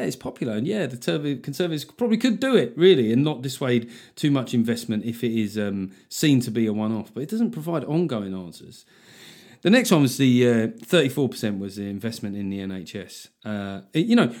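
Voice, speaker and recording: A man's voice: medium pitch, a little mellow. A middle-aged man hosting a solo comedic podcast, sardonic and sweary, acting out mock exchanges as he talks. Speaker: podcast host.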